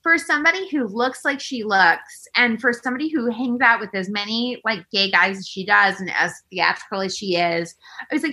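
A woman chatting casually, gossiping in an animated way with lots of "like" and playful impressions of people, in a high girlish voice. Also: normal speed, husky. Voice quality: high girlish voice, self-described baby voice. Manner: gossipy, animated, heavy use of "like", imitates people. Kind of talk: casual chat.

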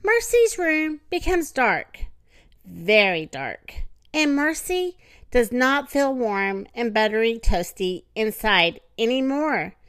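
A woman reading a children's story aloud in an expressive, animated manner with dramatic pauses. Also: a little high, no room sound, studio quality.

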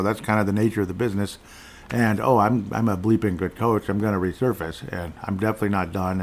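A man with a fairly low voice hosts a casual solo podcast. He talks loosely, drifting into asides and filler words, with an eager fan's enthusiasm. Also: a little mellow. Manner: enthusiastic fan talk. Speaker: podcast host.

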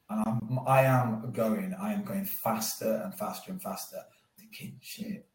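A man, a former cricketer as podcast guest, telling a story in a lively way and acting out his own thoughts. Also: lowish voice, unhurried, far from the mic. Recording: roomy sound, a bit off mic.

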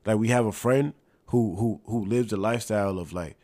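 A young man co-hosting a casual podcast chat with friends, loud and argumentative, laughing often. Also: on the low side, a little fast. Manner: boisterous, laughs often, argues back. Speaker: podcast co-host.

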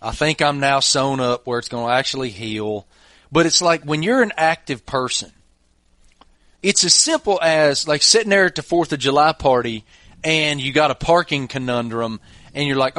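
A man's voice: on the high side, normal speed, fairly bright tone, dry recording. Laid-back man telling funny stories. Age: middle-aged. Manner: laid-back, chuckling anecdotes. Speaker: podcast host. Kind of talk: casual storytelling chat.

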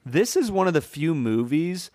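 A man co-hosting a casual film podcast, sharing opinions in a relaxed way with dry humor. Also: on the high side, moderate pace. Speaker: podcast co-host.

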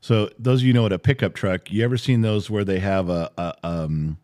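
A middle-aged man co-hosting a podcast, telling a story in casual chat, animated and swearing freely. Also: low-pitched, a little fast. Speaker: podcast co-host, father.

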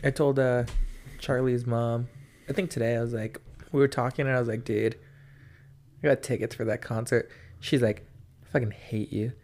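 A young man of middling pitch in a relaxed chat with a friend. He hesitates often and restarts his sentences as he tells a story. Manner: halting, many fillers and restarts. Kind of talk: casual chat between friends.

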